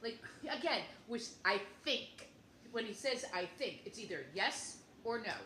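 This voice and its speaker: Fifties woman co-host with a bright, rambling, chatty delivery, recorded in a roomy space with faint background noise. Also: fairly high pitch, lively intonation, unhurried. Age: 50s. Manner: rambling storyteller who acts out both sides of conversations. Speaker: podcast co-host. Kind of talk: casual chat. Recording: echoey room with faint noise.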